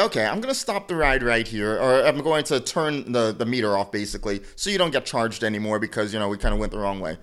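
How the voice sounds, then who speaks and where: In casual chat, a man co-hosting a podcast rambles through a story, restarting often and laughing a lot. His voice is mid-range and a bit bright.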